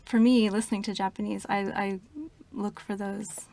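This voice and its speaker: Woman, interview guest, creaky voice, thoughtful, measured, explanatory. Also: medium pitch, level tone, warm tone. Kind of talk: conversational interview.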